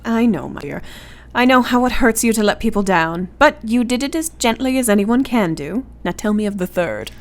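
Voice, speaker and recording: A woman playing a gentle young English woman in a radio play, who gently teases and reassures her friend. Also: fairly high pitch, animated, moderate pace, few pauses. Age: young adult.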